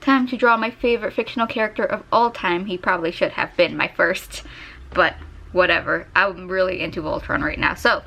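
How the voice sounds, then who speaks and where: A woman's voice: fairly low pitch, steady tone, a little fast, pushed and bright. A young woman vlogging casually while she draws, chatty and giggly, gushing over her favorite characters, recorded on a desk microphone. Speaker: art vlogger. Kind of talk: casual chat while drawing. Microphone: desk USB microphone.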